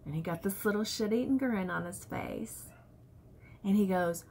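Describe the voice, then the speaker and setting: A woman's voice: medium pitch, moderate pace, a little mellow, breathy edge. A woman vlogger chatting candidly to camera, telling stories from home life. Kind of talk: casual chat to camera.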